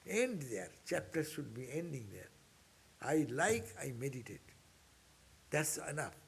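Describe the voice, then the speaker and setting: Monk guy teaching a scripture class, husky voice, really animated, keeps hammering the same points. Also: on the high side, measured pace. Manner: earnest, repetitive, exhorting, with sudden upward bursts. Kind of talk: informal spiritual class lecture.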